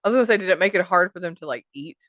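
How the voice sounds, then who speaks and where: A woman's voice: fairly low pitch, lively intonation, racing, fairly bright tone, no room sound. A woman co-hosting a podcast, chatting casually and reacting a lot. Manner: reactive, lots of "right" and "ew". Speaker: podcast co-host. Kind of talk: casual chat.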